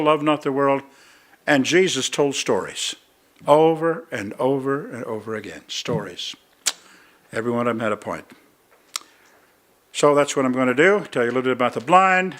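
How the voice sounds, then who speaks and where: A man's voice: a little high, a bit bright. Folksy older male preacher. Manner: folksy storytelling, chatty asides. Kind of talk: sermon with fundraising appeal. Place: church.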